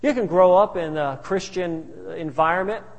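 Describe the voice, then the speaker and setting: Higher-voiced preacher in a reverberant church. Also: male voice, moderate pace. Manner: folksy, telling family stories. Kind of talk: sermon.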